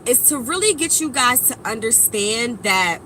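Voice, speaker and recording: A woman giving a blunt, profane motivational monologue to her viewers, preachy and emphatic, swinging between loud bursts and low mutters. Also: lively intonation, normal speed, slight background noise, poor audio. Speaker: spiritual vlogger.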